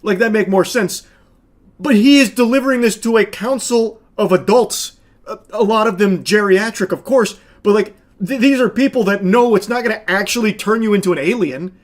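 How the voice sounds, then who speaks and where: A man's voice: high-pitched, moderate pace. A man streaming casual reaction commentary, sarcastic and exasperated, swearing often as he picks apart a clip.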